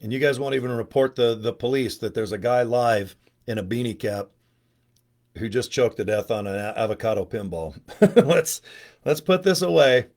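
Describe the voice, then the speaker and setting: A man's voice: medium pitch, lively intonation, moderate pace, a little mellow. Rambling, crude middle-aged man on a webcam. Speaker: video host. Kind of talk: casual livestream chat. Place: at home, indoors.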